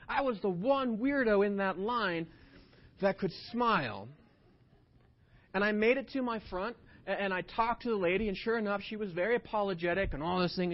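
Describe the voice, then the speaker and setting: Animated preacher man, lo-fi sound. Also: high voice. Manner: animated storytelling, swinging from hushed to loud. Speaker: pastor. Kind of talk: sermon. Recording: dull lo-fi sound.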